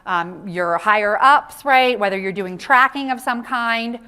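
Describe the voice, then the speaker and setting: A woman giving an interactive conference talk on workplace inclusion, animated and often checking in with the audience with a quick "right?". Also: medium pitch, smooth. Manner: animated, tags lines with "right?" to engage the audience. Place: conference session room.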